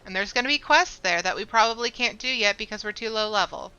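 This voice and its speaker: A woman streamer talking through her game in a casual, excitable ramble. Her voice is bright and forward, smooth and clean. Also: mid-range voice, quick pace, muffled recording, soft background music. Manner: chatty, excitable.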